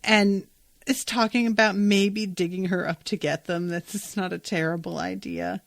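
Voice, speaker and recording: A woman's voice: mid-range voice, fairly even intonation, moderate pace, gravelly, no room sound. A woman hosting a podcast and recapping a TV episode in a casual, gushing way, and she swears freely. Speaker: podcast host.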